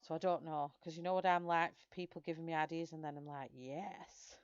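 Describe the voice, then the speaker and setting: A woman's voice: low voice, fairly even intonation, quick pace, clear, resonant tone, dry recording, muffled recording. A woman with a broad Lancashire accent from Greater Manchester, chatting casually on a livestream and answering viewers' comments. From Greater Manchester, England. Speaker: livestream host colouring.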